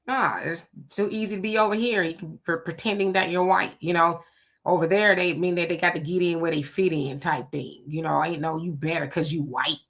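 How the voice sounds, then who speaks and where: Bright-voiced woman hosting a live chat. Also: fairly low pitch, normal speed. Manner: chatty, conversational, greets viewers by name. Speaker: livestream host. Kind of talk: casual livestream chat, reading viewer comments.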